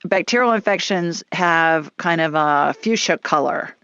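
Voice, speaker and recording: A woman's voice: low-pitched, unhurried, fairly bright tone, smooth, no room sound, highs cut off. A woman hosting a psychic call-in radio show, chatty and down-to-earth, with folksy phrases. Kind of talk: call-in show, casual and reassuring.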